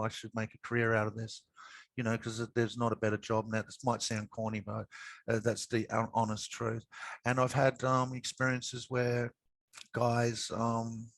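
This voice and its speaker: A man's voice: mid-range voice, vocal fry, fairly bright tone, no room sound, rough recording. A man guest in a podcast interview, chatting casually and telling anecdotes with many repeats and fillers. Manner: chatty, repeats words, frequent um and you know. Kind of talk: casual storytelling.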